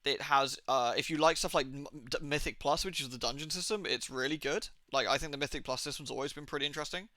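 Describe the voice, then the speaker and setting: Jokey young man streaming, bright voice. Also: fairly high pitch, no room sound. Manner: rambling, jokey, swears, acts out quick silly impressions. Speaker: game streamer. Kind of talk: casual live-stream chat.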